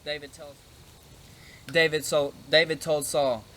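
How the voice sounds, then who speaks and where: A man of middle pitch talks through a Bible story as if chatting with a youth group. His delivery is loose and unscripted, scattered with fillers. Faint noise sits under the voice. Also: measured pace, fairly bright tone. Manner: conversational, with frequent fillers; demonstrates a prop while talking. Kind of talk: casual retelling of a Bible story.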